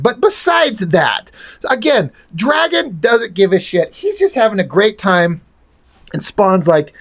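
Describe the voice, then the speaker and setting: A man's voice: high-pitched, sing-song, measured pace. A man reviewing comic books in casual, rambling chat, frank and swearing freely.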